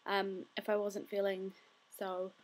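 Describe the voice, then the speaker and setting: A woman's voice: mid-range voice, monotone, unhurried. A tired young woman telling a story in a chatty, rambling way with many fillers. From New Zealand. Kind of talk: casual storytelling vlog.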